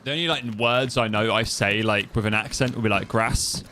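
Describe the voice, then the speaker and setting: A man's voice: on the low side, fairly quick, sharp tone, slight background noise. A young man from the East Midlands of England with an East Midlands accent, chatting casually and rambling while he streams a game. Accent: East Midlands English. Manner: chatty, rambling, trails off and restarts. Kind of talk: casual gameplay commentary.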